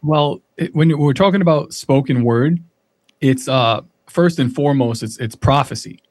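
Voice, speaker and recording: A man's voice: mid-range voice, normal speed, darkish tone, dry recording. A man guesting on a podcast over a remote connection, talking in a rambling, reflective way full of fillers. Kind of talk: casual podcast chat. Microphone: remote call connection.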